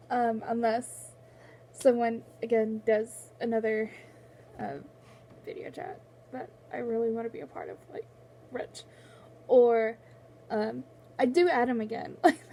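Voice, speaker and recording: With a fairly high, mellow voice, this book vlogger chats casually from home, close to tears. Her talk wanders, thick with fillers and restarts, and there's a bit of background noise.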